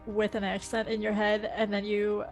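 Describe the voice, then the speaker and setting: A woman's voice: medium pitch, monotone, normal speed, soft background music. A woman playing a tabletop game, chatty and playful. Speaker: player. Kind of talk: casual tabletop play.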